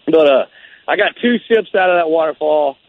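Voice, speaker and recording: A man's voice: fairly high pitch, lively intonation, moderate pace, no echo, phone-quality sound. A man being interviewed, telling a long story in a casual, rambling way, often saying man and bro. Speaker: guest.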